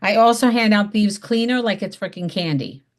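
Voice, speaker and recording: A woman's voice: medium pitch, moderate pace. A woman leading an online class, chatty and emphatic, acting out upbeat phone invitations. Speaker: direct sales mentor. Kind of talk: zoom class teaching. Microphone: video call.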